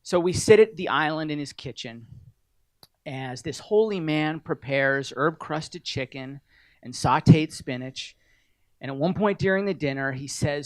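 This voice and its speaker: A man's voice: a little high, moderate pace, no echo. A middle-aged man giving an award acceptance speech at a podium, telling wry, self-deprecating stories.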